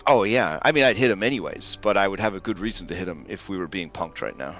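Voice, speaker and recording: A man with a low but bright, forceful voice narrates a tabletop horror game. He describes scenes plainly and shifts easily into banter, with faint music playing behind him. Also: animated, quick pace. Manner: descriptive, slips into character voices. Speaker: game master.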